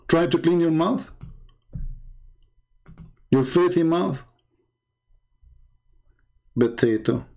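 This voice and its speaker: A man hosts a livestream in a scornful, emphatic voice that sits somewhat high. His English is non-native, with broken grammar, and his voice sounds slightly hoarse. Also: very slow, long pauses, darkish tone. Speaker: host of a debate livestream. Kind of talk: livestream commentary while calling viewers.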